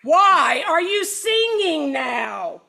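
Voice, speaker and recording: A woman's voice: very high voice, animated, takes it slowly, fairly bright tone, voice pushed up, exaggerated voice. A woman voicing a grumpy, threatening male village mayor in a read-aloud children's story, snapping and exasperated. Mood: menacing.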